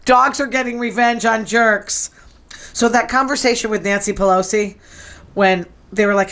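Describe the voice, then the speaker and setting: A woman hosting a show in casual chat, sassy and quick to tease. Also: fairly high pitch, fairly bright tone. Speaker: show host.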